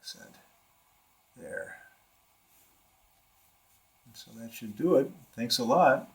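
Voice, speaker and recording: A man's voice: mid-range voice, big pitch swings, slow pace, gravelly. An older man teaching a live watercolor demonstration in a studio, thinking aloud as he paints, often trailing off and restarting his sentences. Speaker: art instructor. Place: art studio with a live model.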